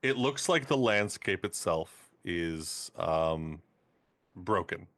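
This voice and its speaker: A man running a tabletop game as game master, setting scenes in slow, descriptive narration. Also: low voice, lively intonation, fairly bright tone, no echo.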